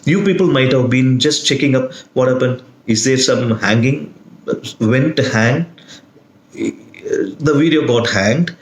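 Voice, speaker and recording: A man teaching a video lesson in a slow, deliberate way, leaning hard on single words. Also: medium pitch. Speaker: lecturer. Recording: echoey room.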